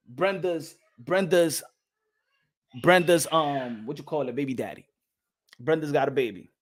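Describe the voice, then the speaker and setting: The host of a boxing channel, whose voice is a little high, talks in a casual, rambling way. He laughs often and sprinkles in slang and Spanish phrases.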